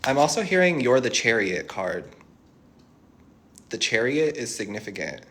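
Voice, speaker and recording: A man's voice: medium pitch, sing-song, normal speed, a bit bright. A young man giving a tarot reading to viewers, reassuring and thinking aloud as he channels messages. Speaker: tarot reader.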